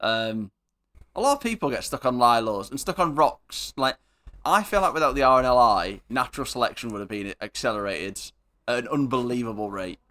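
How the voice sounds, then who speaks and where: A man's voice: mid-range voice, expressive, fairly quick, pushed and bright. A man hosting a casual comedy podcast, joking, swearing and laughing as he talks. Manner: jokey, sweary, laughs often. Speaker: podcast host.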